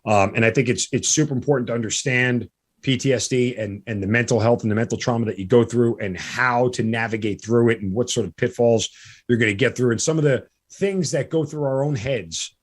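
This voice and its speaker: A middle-aged man hosting a podcast, speaking in a halting, heartfelt way. He trips over his words, restarts sentences and leans on plenty of fillers as he opens up. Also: medium pitch, breathy edge. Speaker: podcast host. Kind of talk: casual interview chat.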